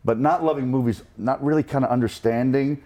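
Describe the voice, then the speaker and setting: A man's voice: medium pitch, brisk, warm tone. A middle-aged man from New Jersey, a guest telling wry, self-deprecating stories in a casual interview.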